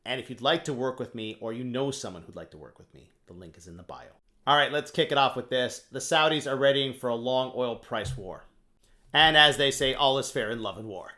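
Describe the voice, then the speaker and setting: A man giving a casual, blunt explainer monologue on finance, animated and occasionally swearing. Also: mid-range voice, fairly quick. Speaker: finance commentator.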